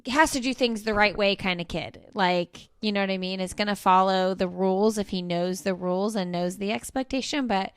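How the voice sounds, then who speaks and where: A woman in her thirties hosting a podcast, chatting casually with plenty of fillers and getting animated when she vents. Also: mid-range voice, moderate pace, hardly any pauses, clean tone, dry recording, clean studio sound. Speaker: podcast host. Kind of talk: casual chat.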